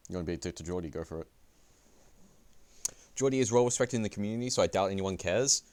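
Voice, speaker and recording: A man's voice: low voice, animated, fast talker, darkish tone. A young man streaming commentary on a match, rambling, profane and self-deprecating. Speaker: esports player and streamer. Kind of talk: livestream commentary.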